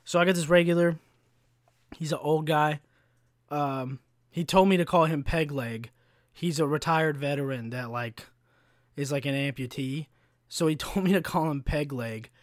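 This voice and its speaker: A man, rambling through a story on his podcast. His voice sits a bit high, and it is full of casual swearing and filler. The sound is close and dry, with no room echo. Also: normal speed, pauses often. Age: 20s. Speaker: podcast host.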